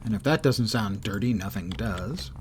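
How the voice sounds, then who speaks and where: A man's voice: fairly low pitch, expressive, moderate pace, very noisy. A man streaming a superhero game live, making joking, self-deprecating asides and reading mission text aloud. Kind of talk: live gameplay commentary.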